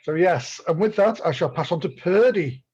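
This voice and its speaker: A man's voice: high voice, lively intonation, moderate pace, darkish tone, husky, muffled recording. A man taking part as a player in a tabletop game, chatting casually in a joking, upbeat way. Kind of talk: casual chat.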